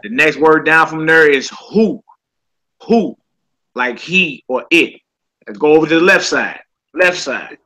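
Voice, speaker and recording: A man's voice: on the high side, animated, measured pace, sharp tone, rough recording. A man teaching a casual Hebrew vocabulary class. He often checks in with "all right?" and repeats each word.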